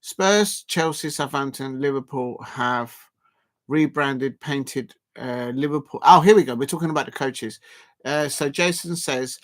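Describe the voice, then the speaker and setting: A man's voice: mid-range voice, a little slow, a bit bright. A man hosting a live football watchalong, chatting casually, reading out viewer comments, and rambling with lots of fillers and restarts. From South London, England.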